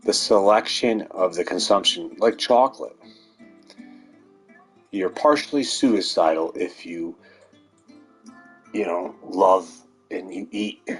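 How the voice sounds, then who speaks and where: A man rambling to viewers in a sardonic monologue, swearing and laughing at his own jokes. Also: sits low. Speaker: vlogger.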